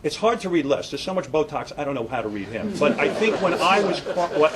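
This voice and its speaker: A man's voice: a little high, lively intonation, a little fast, hardly any pauses, a little hiss or hum, low-quality recording. A middle-aged man, a radio broadcaster, giving an indignant, sarcastic statement and taking questions at a press conference.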